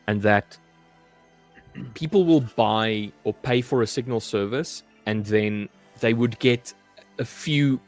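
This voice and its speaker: A man co-hosting a live trading stream, talking in a measured, thoughtful way in casual chat. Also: on the low side.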